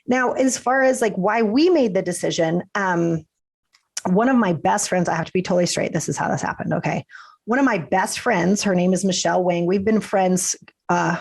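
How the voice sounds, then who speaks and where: Woman podcast guest, business coach, chatty and animated, has a cold. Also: medium pitch, gravelly. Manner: chatty, animated, acts out quotes. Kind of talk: casual interview chat.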